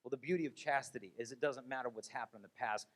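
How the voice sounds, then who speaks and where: A man giving a lively talk to a young audience, acting out the voices of teenagers. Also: medium pitch, fast talker. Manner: animated, acts out voices of teens. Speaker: speaker on chastity.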